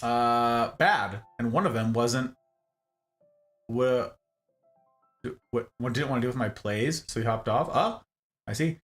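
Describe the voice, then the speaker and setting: A man hosts a casual livestream, chatting with live viewers in an animated, jokey way, often exclaiming and laughing. His mid-range voice takes things slowly with long pauses, and faint music plays behind him.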